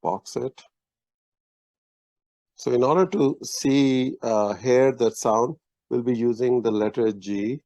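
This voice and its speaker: A man's voice: medium pitch, takes it slowly, pauses often, warm tone, no echo. A man teaching a language lesson, explaining patiently with many fillers and restarts. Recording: dull lo-fi online lesson audio.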